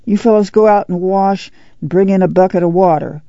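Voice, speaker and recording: A man's voice: high-pitched, a little fast, warm tone, no room sound. Male reader doing commanding country mother, slightly raised, lo-fi audiobook. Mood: firm. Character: firm, practical farm mother.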